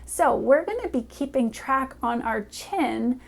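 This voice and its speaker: A woman's voice: high-pitched, animated. Cheerful woman teaching early reading. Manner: cheerful, encouraging, speaks directly to a child; sounds out letters slowly and clearly. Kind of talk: upbeat children's reading lesson.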